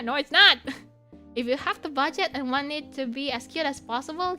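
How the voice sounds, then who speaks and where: Bright high-voiced young woman streamer, bouncy and giggly, chatting slow and easy, soft music behind. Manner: giggly, squeals high when excited. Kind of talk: casual chat with chat. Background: soft background music.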